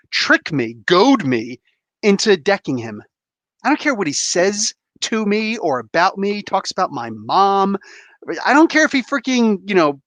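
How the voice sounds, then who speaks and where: Animated man in his forties ranting. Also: high voice, dry recording. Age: 40s. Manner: animated, emphatic, acts out voices. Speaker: comic book show host. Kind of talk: opinionated live-stream monologue.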